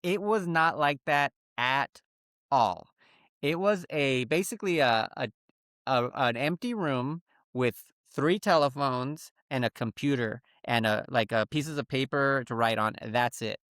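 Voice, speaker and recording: A man's voice: medium pitch, unhurried, fairly bright tone, smooth, dry recording, clean studio sound. A man co-hosting a podcast, telling a story in casual chat and acting out phone calls in put-on voices. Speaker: podcast co-host.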